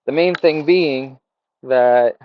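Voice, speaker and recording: Male vlogger, mid pitch, halting thoughtful monologue, lo-fi muffled audio. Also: no room sound. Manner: rambling, hesitant, many fillers and restarts. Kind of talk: casual reflective monologue. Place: outdoors by a fire. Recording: dull lo-fi sound.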